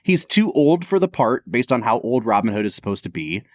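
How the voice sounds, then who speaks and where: A man co-hosting a podcast in casual chat, animated and opinionated. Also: mid-range voice, a little fast, no room sound, clean studio sound. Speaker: podcast co-host.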